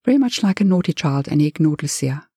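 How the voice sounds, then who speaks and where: A woman narrating a story in a lively, dramatic storytelling manner. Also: deep voice, fast, husky, dry recording, studio quality.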